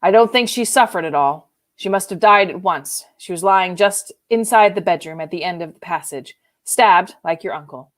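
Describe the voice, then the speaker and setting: A woman reading the lines of a gruff, earnest country squire in a storybook reading. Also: fairly low pitch, moderate pace, hardly any pauses, close to an everyday voice. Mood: sombre.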